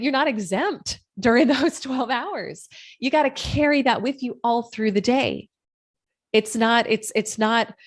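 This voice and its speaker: A woman hosting her own podcast, talking alone in an earnest, reflective way and asking many rhetorical questions. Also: medium pitch. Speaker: podcast host. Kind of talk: solo podcast monologue.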